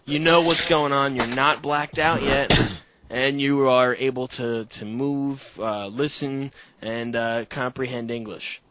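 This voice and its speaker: A man's voice: mid-range voice, steady tone, slow, sharp tone, a little hiss or hum. A man recounting a foggy night in loose, profane conversation with friends. His voice sits in an ordinary middle range. He laughs easily and keeps the tone joking. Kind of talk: casual chat.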